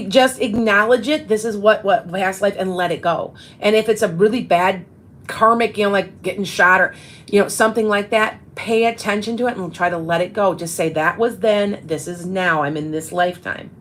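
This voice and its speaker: The audio is poor as this psychic medium, a woman in her fifties, hosts a casual live-stream chat. She speaks at a moderate pace with a medium pitch, her talk rambling and full of restarts.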